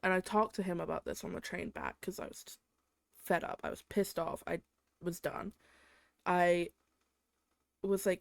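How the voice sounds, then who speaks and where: A woman's voice: fairly low pitch, steady tone, moderate pace, gravelly, pauses often, no room sound, clean studio sound. A young woman from England, hosting her own show, ranting casually with a lot of swearing and filler "like"s. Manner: exasperated, swears a lot, heavy use of "like". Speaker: podcast host.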